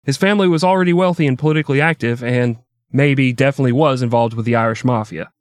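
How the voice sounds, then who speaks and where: A man narrates history for a podcast in a loose, joking, irreverent way, often breaking into laughter. His voice sits at an ordinary middle pitch. It is recorded dry and close to the mic, with no room sound. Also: quick pace, clear, resonant tone, dry recording. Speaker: podcast co-host telling a history story. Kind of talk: casual comedic storytelling.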